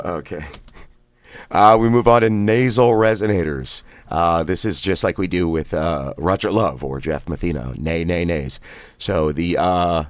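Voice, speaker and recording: A man guiding follow-along voice exercises, counting out reps and cracking relaxed jokes between drills. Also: low voice, dry recording. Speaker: voice exercise guide.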